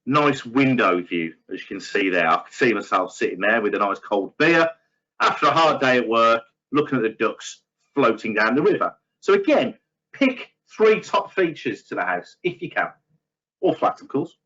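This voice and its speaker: A man's voice: mid-range voice, very animated, normal speed, fairly bright tone. Chatty man, dull lo-fi sound. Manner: chatty, filler-heavy, self-deprecating asides. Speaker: trainer for estate agents. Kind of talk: webinar training talk.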